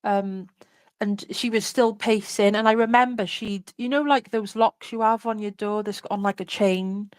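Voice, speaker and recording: A woman's voice: medium pitch, fairly even intonation, normal speed, no room sound. Chatty woman telling her story. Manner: candid, chatty, many fillers like "like" and "you know". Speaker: interview guest. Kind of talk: personal storytelling in an interview.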